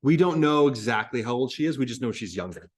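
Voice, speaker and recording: A man's voice: mid-range voice, lively intonation, fast, husky. A man reading a play aloud as a teacher and stopping to explain details in a conversational way.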